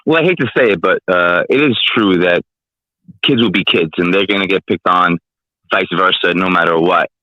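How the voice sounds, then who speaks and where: A man's voice: deep voice, normal speed, no room sound, lo-fi sound. A man calling into a podcast, giving blunt opinions in a matter-of-fact way. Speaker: caller. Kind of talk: casual call-in chat. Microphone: phone line.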